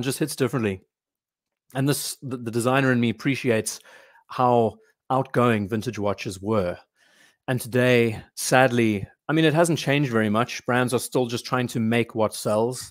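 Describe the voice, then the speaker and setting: A man's voice: medium pitch, no echo. Man, live stream host, casual rambling chat, dry close sound. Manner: rambling, reads viewer comments aloud.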